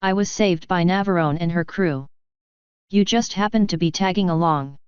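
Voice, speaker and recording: A woman's voice: fairly low pitch, moderate pace, clear, resonant tone, no room sound, lo-fi sound, natural voice. A woman voicing a grumpy, proud male fire elemental who talks in a huffy, growling way. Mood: gruff.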